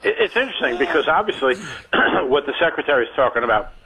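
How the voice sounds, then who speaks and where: A man co-hosting a talk radio show, explaining his points in a measured way. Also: mid-range voice, very animated, creaky, pushed and bright, poor audio. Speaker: radio co-host.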